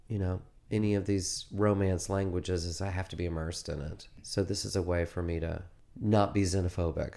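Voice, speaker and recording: A man being interviewed, telling a long story in a rambling, animated way with many restarts. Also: on the low side. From United States. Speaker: interviewed musician. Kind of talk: casual interview.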